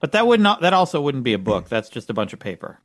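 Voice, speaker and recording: A man with a mid-pitched, lively voice plays the skeptical straight man on a comedy podcast. He pushes back on claims between short, patient acknowledgments. The sound is dry and close. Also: quick pace, dry recording. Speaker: podcast co-host. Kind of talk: casual comedic chat.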